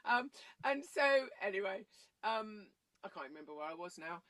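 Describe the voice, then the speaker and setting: Bright-voiced rambling woman. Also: expressive, normal speed. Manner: rambling, goes off on tangents; acts out quoted voices in a much higher pitch. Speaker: guest. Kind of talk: casual storytelling.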